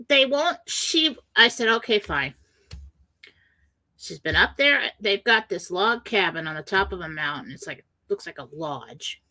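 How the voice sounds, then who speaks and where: A woman's voice: medium pitch, sing-song, normal speed, bright, forceful tone, poor audio. A woman hosting a spiritual radio talk show, telling a personal story with emotion and acting out the voices of the people in it.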